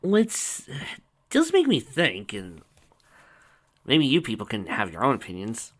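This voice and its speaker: A man's voice: medium pitch, wildly swooping pitch, a little slow, a bit bright. A man casually reading a fan story aloud and breaking off for wry, rambling asides. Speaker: fanfiction reader and commentator.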